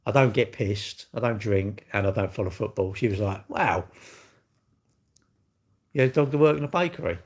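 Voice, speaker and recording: A man's voice: fairly low pitch, normal speed, long pauses, darkish tone. An English man, middle-aged, hosting a casual live stream and bantering cheekily with his chat in a rambling, jokey way. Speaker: livestream host.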